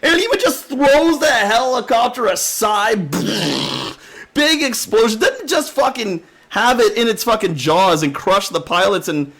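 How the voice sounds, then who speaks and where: Excitable man reviewing movies. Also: high-pitched, measured pace, gravelly. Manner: excitable, laughs often, acts out his reactions. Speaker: podcast co-host. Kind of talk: casual movie review chat.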